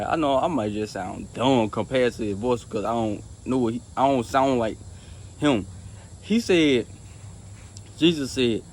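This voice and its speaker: A man casually telling a personal faith testimony, rambling and repeating himself with many restarts, earnest and soft-spoken in places. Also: mid-range voice, a little hiss or hum. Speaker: storyteller sharing a faith testimony.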